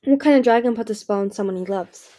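A woman's voice: a little high, quick pace, warm tone, close to an everyday voice. A woman reading the anxious inner thoughts of a nervous young male dragon in an audiobook. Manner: anxious and questioning.

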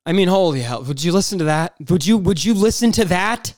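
A man's voice: sits high, lively intonation, a little fast, darkish tone, no room sound, clean studio sound. A man hosting a podcast, talking in a blunt, profane casual monologue. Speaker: podcast host.

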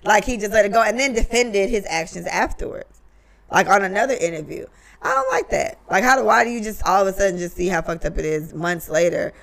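A woman's voice: medium pitch, animated, fairly quick, vocal fry, a bit bright. A woman co-hosting a casual podcast, talking bluntly and profanely and giving strong opinions. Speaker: podcast co-host.

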